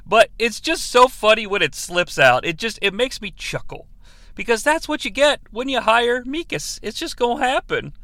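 Male podcast host, comedic movie review; high, bright, dry-sounding voice. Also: moderate pace, no echo. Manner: animated, profane, jokey.

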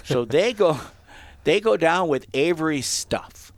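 A man with a gravelly, fairly high voice tells a story with lots of animation, acting out the quotes and laughing along the way. He sounds like a host in casual chat, recorded dry and close. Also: animated, slow, no echo.

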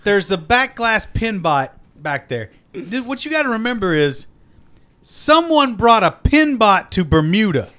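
Loud high-pitched man, profane banter. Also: very animated, a little slow. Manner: loud, profane, laughing often. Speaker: podcast co-host. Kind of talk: casual comedic banter.

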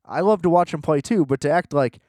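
A man's voice: fairly high pitch, brisk, dark tone, no echo, clean studio sound. Profane, fired-up man ranting about football. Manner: frustrated, profane, rambling with lots of fillers. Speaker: sports podcast host. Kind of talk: casual sports rant.

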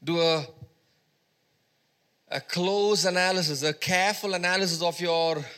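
A man's voice: sits high, a little slow, fairly bright tone, smooth. A man preaching a sermon as pastor at a church service, prompting the congregation to repeat words back to him in call-and-response.

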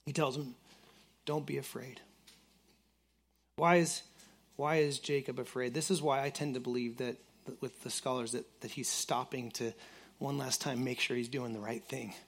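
A man's voice: mid-range voice, fairly even intonation, normal speed. A man preaching a conversational sermon, earnest and searching for words, often repeating himself and saying "like". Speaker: pastor.

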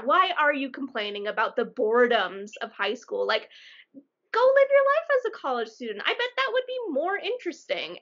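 A woman co-hosting a podcast, chatting casually about a book in an animated way, with frequent restarts. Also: high-pitched, dull audio. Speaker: podcast co-host.

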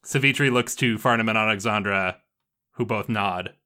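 A man's voice: lowish voice, normal speed, pushed and bright. A man narrating a tabletop role-playing game as game master, casual with frequent fillers and restarts.

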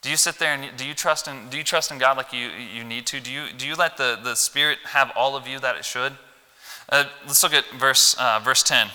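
Midwestern male preacher, folksy and animated, loud emphasis then low asides; crisp tone, reverberant sanctuary. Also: brisk. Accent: Midwestern American. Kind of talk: Wednesday church sermon. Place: church sanctuary. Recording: long hall reverb.

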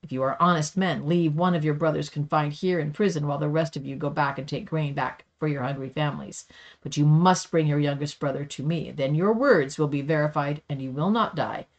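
A woman's voice: deep voice, fairly quick, dull audio. A woman reading the part of a stern, powerful man who speaks harshly and accuses strangers.

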